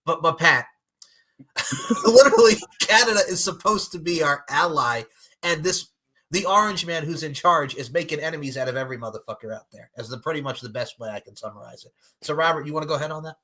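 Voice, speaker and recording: A man's voice: fairly high pitch, animated, brisk, pushed and bright, rough recording. A man hosting a podcast, speaking in a heated, profane way. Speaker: podcast host. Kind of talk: casual podcast chat.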